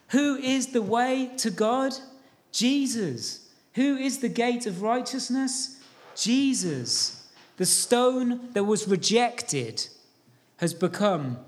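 A man's voice: high-pitched, big pitch swings, takes it slowly. A man preaching a sermon as pastor, earnest and urging, asking questions and answering them himself.

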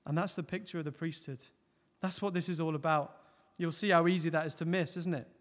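Preacher guy giving a sermon, earnest, gets loud then goes soft, voice on the high side, lots of hall echo. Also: steady tone, a little fast. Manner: earnest, builds to loud emphatic peaks then drops soft. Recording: long hall reverb.

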